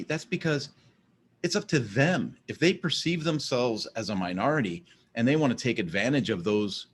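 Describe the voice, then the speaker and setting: Rambling man with faint background hiss. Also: medium pitch. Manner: rambling, repeats words when starting sentences. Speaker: vlogger. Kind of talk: casual monologue.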